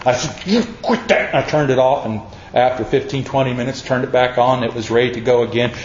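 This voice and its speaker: A man's voice: mid-range voice, little pitch movement, quick pace, darkish tone, a little hiss or hum. A man preaching a folksy, conversational sermon, telling homey stories and acting out the voices of the people in them. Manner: homey storytelling, acts out quoted voices. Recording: roomy, dull lo-fi recording.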